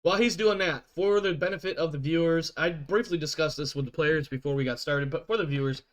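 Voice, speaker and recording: A man serving as game master for an online tabletop game, his voice sitting a little higher than most men's. He talks in a loose, rambling way, stopping to correct himself as he goes. He is heard over a voice call. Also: a little fast.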